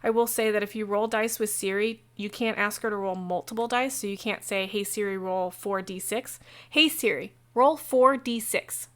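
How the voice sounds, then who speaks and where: A woman game master talking casually on a livestream about running a tabletop session, chatty and digressive, with quick asides. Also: mid-range voice, steady tone, smooth. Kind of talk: casual how-to talk on a livestream.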